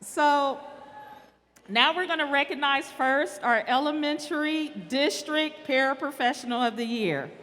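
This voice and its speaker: Woman, assembly announcer reading names slowly; high, bright voice, reverberant hall sound. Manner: reads names slowly and calls winners up. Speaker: awards announcer. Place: large school hall or auditorium. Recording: reverberant hall, faint ambience.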